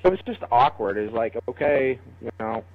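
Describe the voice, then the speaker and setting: A man's voice: mid-range voice, expressive, a little fast, narrow, tinny audio. A young man co-hosting a casual podcast, chiming in with short agreements and jokes. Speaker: podcast co-host. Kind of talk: casual chat.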